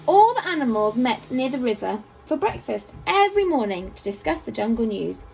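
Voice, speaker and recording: A woman teacher reading a picture book aloud to children at a school assembly, with expressive storytelling and playful asides. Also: fairly high pitch, moderate pace, creaky, slight background noise, poor audio.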